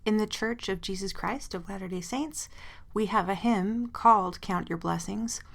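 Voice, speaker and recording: Brief: woman solo podcaster, husky fry-laden voice, casual rambling chat. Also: mid-range voice, normal speed, a bit bright. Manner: chatty, self-deprecating, many ums and side notes. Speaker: podcast host.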